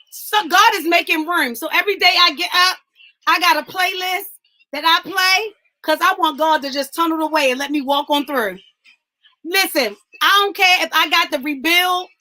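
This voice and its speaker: Exuberant high-voiced woman hosting a livestream. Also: pushed and bright, poor audio. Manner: exuberant, preacher-like, calls out viewers by name. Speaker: host. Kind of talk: livestream talk, giveaway.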